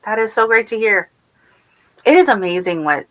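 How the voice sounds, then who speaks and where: A woman's voice: on the low side, animated, brisk, a bit bright. A woman hosting a casual gardening livestream, chatting in a rambling way with many fillers and restarts while she answers viewers. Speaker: gardening channel host. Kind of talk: casual livestream chat, reading viewer comments. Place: at home.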